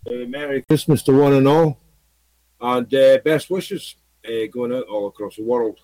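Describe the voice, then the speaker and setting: Speaking to camera, a video blogger from Scotland rambles and repeats himself, leaning on lots of fillers. His voice is medium-pitched and warm, his pace measured, and the rough recording has no room sound.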